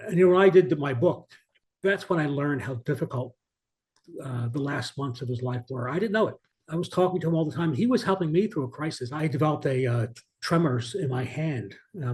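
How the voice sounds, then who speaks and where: A man's voice: mid-range voice, darkish tone. A man who is an author, telling an earnest, reflective story as an interview guest, often restarting his sentences. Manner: earnest, many restarts, varied emphasis.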